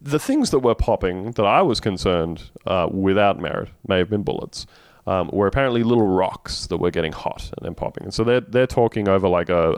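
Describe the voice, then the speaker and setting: A man's voice: sits low, no echo. A man co-hosting a casual podcast, recapping a TV episode with profane, sarcastic humor. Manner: profane, sarcastic, acts out characters' lines in jokey voices. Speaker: podcast co-host.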